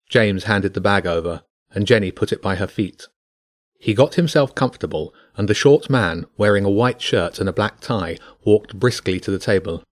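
A man narrating a bedtime story in a steady, measured way. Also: fairly low pitch, dry recording, clean studio sound.

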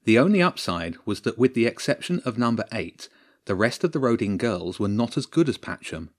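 A man narrating a children's story in a steady, measured way. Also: mid-range voice.

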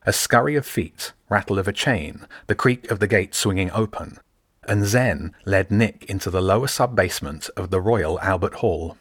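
Low-voiced male audiobook narrator. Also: moderate pace, husky, dry recording, studio quality.

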